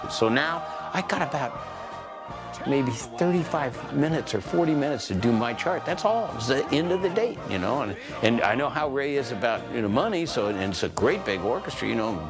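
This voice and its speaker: A man in his sixties, a composer recounting a studio session in an animated, rambling way. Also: medium pitch. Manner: animated storyteller, full of "you know" and "man". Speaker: composer telling a story. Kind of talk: anecdotal interview.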